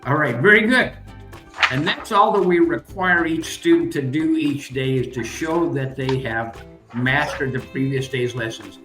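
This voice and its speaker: A man's voice: mid-range voice, measured pace, echoey room, music in the background. An older man, the student's uncle, patiently demonstrating a geography game step by step as a teacher.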